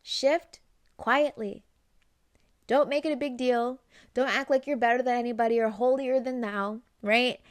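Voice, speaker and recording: A woman giving casual self-help advice straight to camera, chatty, with many "right?" asides and quick acted-out snippets of conversation. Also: fairly high pitch, steady tone, dry recording.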